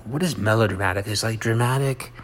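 A middle-aged man hosting a rambling personal monologue, halting and self-mocking, often dropping into soft whispered asides. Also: on the low side, slight background noise. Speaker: monologue host.

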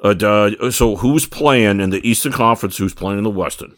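A man's voice: lowish voice, fairly quick, dry recording, clean studio sound. Stammering man teasing his co-hosts. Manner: stammering, teasing, restarts words. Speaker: sports talk panelist. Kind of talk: casual sports chat.

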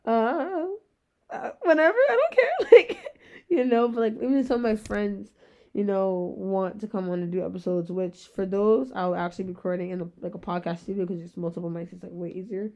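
A young woman in her twenties hosting a solo podcast, rambling in very fast casual chat with a rough-sounding voice. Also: medium pitch, fairly even intonation, warm tone, highs cut off. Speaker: podcast host.

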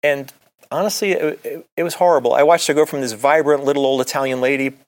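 A middle-aged man hosts his own podcast as a doctor, talking straight to the listener in a loose, chatty monologue. His voice sits at an ordinary middle pitch. He tells stories with an earnest, friendly push. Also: fairly even intonation, fast talker. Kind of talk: casual solo podcast monologue.

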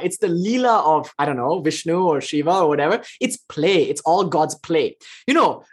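A spiritual teacher giving an informal lecture with chanting, talking in an animated, flippant, joking way and swearing casually. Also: medium pitch, husky. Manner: animated and expressive.

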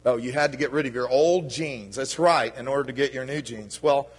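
A husky man's voice of medium pitch, a little fast, leads a children's sermon in a church. He talks to the children in a playful, friendly way, with the long reverb of a church hall audible.

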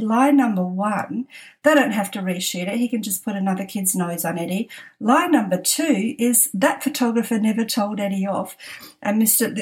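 A middle-aged woman telling a family anecdote on a podcast, laughing often and acting out the quotes. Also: medium pitch. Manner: laughs often while telling, animated quoting. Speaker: podcast storyteller. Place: at home desk.

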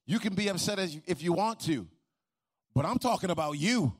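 A stern, blunt prophet confronting a king, voiced by a man in his own preaching voice. The voice is plain and slightly high for a man. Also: lively intonation, moderate pace, breathy edge.

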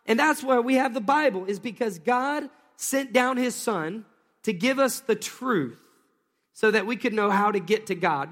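This pastor's voice is high and light, and his sermon is full of energy as he calls out to the congregation and waits on their replies. A long, reverberant tail follows his words, like in a large church hall.

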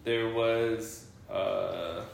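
A man's voice: lowish voice, fairly even intonation, extremely slow, creaky. Rambling man in an echoey room. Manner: rambling, laughs often, many fillers. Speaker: podcast host. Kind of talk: casual chat. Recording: very echoey room, faint hiss.

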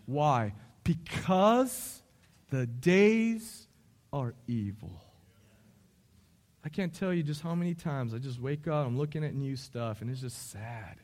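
A man's voice: medium pitch, expressive, slow pace, darkish tone. A middle-aged man preaching a sermon in a conversational, emphatic storytelling way.

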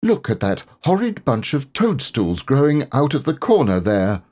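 Give me a scolding mother kangaroo, as a man reads her for a storybook, lifted high and lively. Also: takes it slowly, husky, heavily acted. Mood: disgusted. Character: fussy motherly female kangaroo. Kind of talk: storybook reading.

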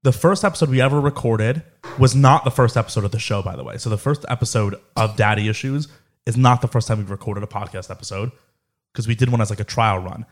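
A man's voice: lowish voice, quick pace. A young man co-hosting a podcast, bantering casually and teasing the others. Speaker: podcast co-host.

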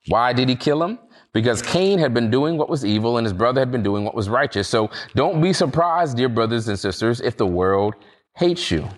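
A man preaching a conversational sermon at a virtual service, earnest and relaxed, with frequent fillers. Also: mid-range voice. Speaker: pastor.

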